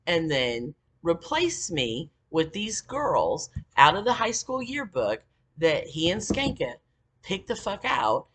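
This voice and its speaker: Husky, heated woman telling a story. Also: low-pitched, a bit bright. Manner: profane, heated, rambling. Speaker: vlogger. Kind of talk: rambling personal story monologue.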